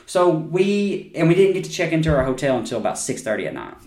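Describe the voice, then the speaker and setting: A man's voice: on the high side, very animated, fast talker, a little mellow, far from the mic. A man, hosting a podcast and telling a story in casual, profane chat, laughing often. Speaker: podcast host. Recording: echoey room, off-mic.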